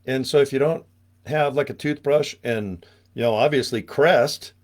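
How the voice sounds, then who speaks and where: A man's voice: medium pitch, normal speed. A man, hosting a live webinar from a small studio in a joking, rambling, casual way. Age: 50s. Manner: joking, rambling, tangent-prone. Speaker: webinar host. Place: small radio studio room.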